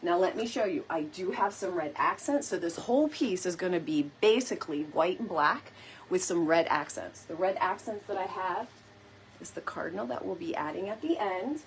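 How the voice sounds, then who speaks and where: A woman's voice: fairly low pitch, lively intonation, normal speed, a little hiss or hum. A woman hosting a casual live crafting chat, playful and talking straight to her viewers. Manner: chatty, playful, addresses viewers often. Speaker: DIY decor host.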